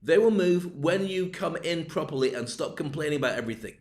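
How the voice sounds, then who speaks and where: A man voicing an offhand, stubborn male homeowner who gives flat, dismissive replies, in a roomy echo. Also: a little high, brisk, close to an everyday voice.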